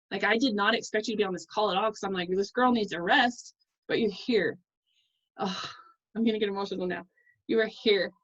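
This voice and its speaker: A woman's voice: mid-range voice, dull audio. Effusive woman leading a team call. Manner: fast, effusive, self-interrupting. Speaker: team leader on a coaching call. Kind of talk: casual motivational team call.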